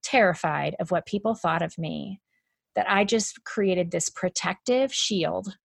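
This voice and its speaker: On a dry recording, a woman with a gravelly mid-range voice makes casual conversation. She speaks loosely, laughs frequently, and leans heavily on "like."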